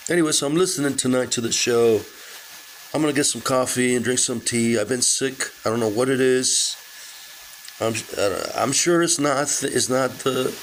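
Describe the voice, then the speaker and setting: A man's voice: mid-range voice, slight background noise, low-quality recording. A sick man with a weak voice, rambling in a casual vlog from his car with many halts and fillers. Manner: halting, full of fillers and restarts. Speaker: vlogger.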